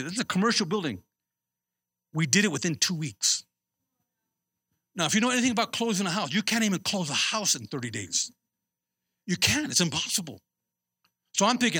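A man's voice: sits high, slightly rough. A man preaching as a pastor, telling a personal story and calling out to his congregation with repeated words. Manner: animated, repeats himself, calls out to the congregation.

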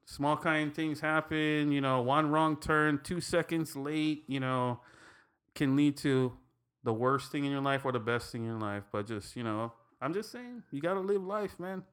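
A man with a Hawaiian Pidgin accent talks in a casual, reflective ramble as a podcast co-host. His voice sits a little high for a man. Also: a little slow, a bit bright, clear, resonant tone. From Hawaii and Tennessee. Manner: laid-back, rambling, reflective. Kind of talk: casual chat.

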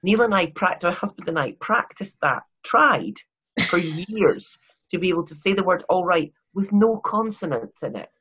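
A Scottish woman talks in a loose, self-mocking ramble, full of restarts and asides. Her voice is a little husky and the recording sounds dull and lo-fi. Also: on the low side, lively intonation, normal speed, a bit bright. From Scotland. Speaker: guest author. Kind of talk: casual interview chat.

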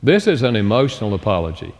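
Animated man preaching in a reverberant hall. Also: fairly low pitch. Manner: expressive, slows down for emphasis and acts out quoted dialogue. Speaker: speaker on relationships. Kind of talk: sermon-style talk. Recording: long reverb of a large hall.

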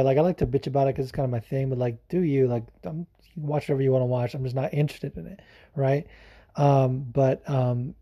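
A man hosting a podcast in casual, rambling chat, excitable and swearing freely. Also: a little high. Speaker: podcast host.

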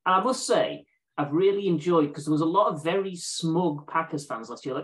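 A man's voice: a little high, fairly quick, a bit bright, rough recording. A man co-hosting a casual sports podcast, outspoken and mocking. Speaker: podcast co-host.

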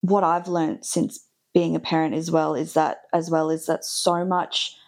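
A low-pitched woman in her thirties joins a podcast as a guest. She speaks in an earnest, reflective way. Her delivery is casual and candid. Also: flat delivery, measured pace, darkish tone.

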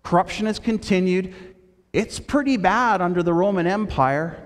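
A man preaching in a big, reverberant hall, his voice sitting a little high for a man. He tells the story with energy and drops to a soft, low tone for the quoted words. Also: moderate pace. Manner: storytelling with quoted voices, shifting between loud and hushed. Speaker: pastor. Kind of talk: sermon.

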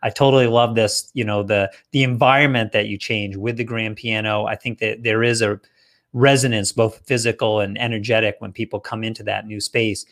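A man hosting a live-streamed interview, asking questions in a measured way with some filler words. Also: lowish voice, level tone, fairly bright tone. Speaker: podcast host.

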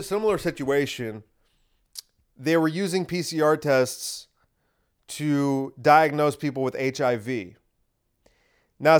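A man's voice: a little high, clean tone. A man hosting a podcast, talking in a sarcastic, ranting monologue full of rhetorical questions. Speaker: podcast host. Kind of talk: opinionated monologue.

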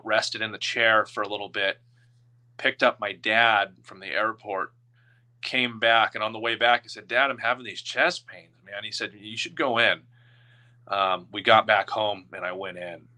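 Guy in his 30s telling his story, super bright lowish voice, halting and emotional. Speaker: guest. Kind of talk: personal storytelling in an interview.

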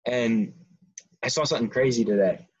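A man's voice: mid-range voice, moderate pace, a little mellow, slightly rough. A man around twenty, co-hosting a casual podcast, ranting his opinions heatedly with frequent restarts. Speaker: podcast co-host. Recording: dull lo-fi sound.

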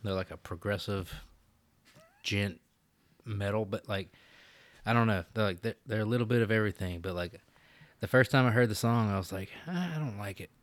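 A man's voice: steady tone, moderate pace, long pauses, dry recording. A man co-hosting a podcast, chatting loosely and with lots of swearing. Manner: profane, rambling, mocking quotes in a high voice. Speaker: podcast co-host. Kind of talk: casual chat.

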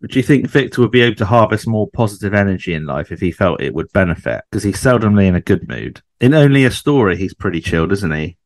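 A man's voice: fairly low pitch, lively intonation, fast, hardly any pauses. A man co-hosting a podcast in casual chat, chatty and fond of tag questions. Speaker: podcast co-host. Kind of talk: casual chat about a TV sitcom.

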